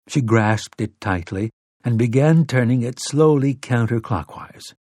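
A man narrating an audiobook with steady, dramatic storytelling. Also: medium pitch, a little slow, dry recording, clean studio sound. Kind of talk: scripted narration.

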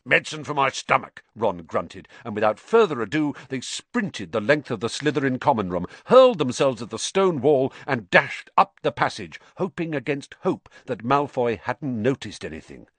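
Male narrator, storybook reading, very lively pitch, dry close sound. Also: moderate pace, few pauses, dry recording.

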